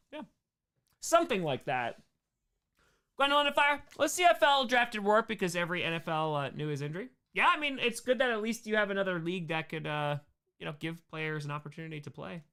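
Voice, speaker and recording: A man hosts a casual livestream Q&A, reading chat names and riffing with loose, rambling jokes. His voice sits a bit high and sounds smooth and clear. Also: animated, fairly quick, pushed and bright. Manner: rambling, jokey, answers chat names aloud. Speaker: streamer host answering chat.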